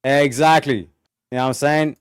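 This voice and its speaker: A man's voice: mid-range voice, steady tone, normal speed, clean tone, no room sound, studio quality. Profane, mocking male stream host. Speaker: livestream host. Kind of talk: casual chat reading viewer messages.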